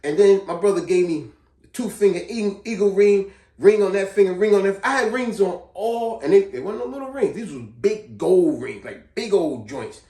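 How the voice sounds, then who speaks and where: A man vlogging, telling a personal story in a casual, slangy, animated way. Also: sits high, moderate pace. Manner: animated, slangy, repeats himself. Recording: echoey room, distant mic.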